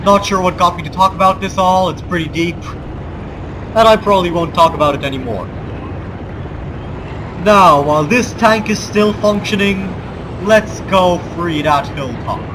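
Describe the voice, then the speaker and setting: A man from the Balkans, forcing an American accent, commentates a let's play in a high voice at a moderate pace. He jokes with grandiose mock war speeches and wry asides, while game ambience and vehicle noise sound loudly beneath.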